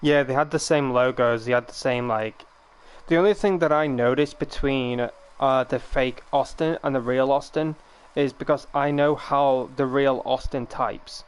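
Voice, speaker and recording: A young man streaming a game, chatting casually and laughing often, his voice cracking and rough. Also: medium pitch, moderate pace. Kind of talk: casual live-stream chat.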